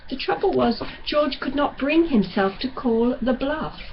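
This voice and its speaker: A woman reading a novel aloud in a slow, deliberate way. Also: high-pitched, animated, highs cut off, a little hiss or hum. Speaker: audiobook reader. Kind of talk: novel narration.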